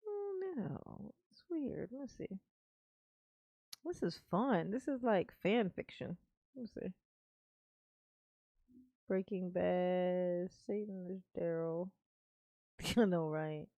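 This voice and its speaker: A woman's voice: on the low side, expressive, warm tone, no room sound, dull audio. A woman hosting a casual live stream, reading chat aloud, playful and laughing as she muses. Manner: playful, laughing, drawn-out musing. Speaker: livestream host reading chat.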